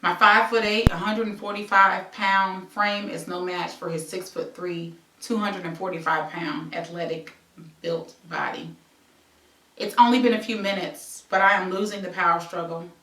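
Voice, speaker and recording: A woman's voice: fairly low pitch, fairly even intonation, moderate pace, bright, forceful tone, echoey room, recorded from a distance, poor audio. A woman reading her own memoir aloud as a present-tense story, breaking off into conversational asides. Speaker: memoir author and host.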